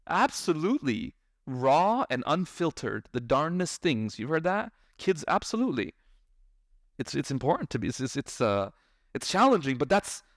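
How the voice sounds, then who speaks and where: A man who is a parent gives a lively lecture, often asking his audience questions and acting out parents and children. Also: a little high, dry recording, clean studio sound. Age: adult parent. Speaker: Islamic speaker.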